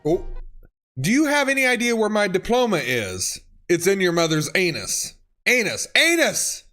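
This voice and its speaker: Over soft background music, a high-voiced man reads funny text messages from an autocorrect-fails YouTube video, very animated, moderately paced, and fairly bright. He laughs often and reads with swearing and exclamations.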